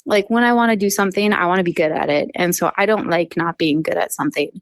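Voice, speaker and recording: A woman's voice: on the low side, fast talker, no echo. A woman in her thirties, a dentist guest on a podcast, telling a personal story in casual conversation and acting out what others said. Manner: chatty storytelling with lively acted quotes.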